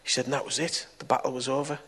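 A middle-aged man preaches to a gathering. He tells a personal story, and his voice moves between quiet, confiding passages and sudden loud bursts. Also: mid-range voice, little pitch movement, rapid-fire, husky. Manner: storytelling, swings from soft to loud. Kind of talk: testimony sermon.

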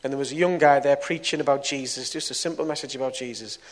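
A middle-aged man preaches to a gathering. He tells a personal story, and his voice moves between quiet, confiding passages and sudden loud bursts. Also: medium pitch, fairly even intonation, fast talker. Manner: storytelling, swings from soft to loud. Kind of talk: testimony sermon.

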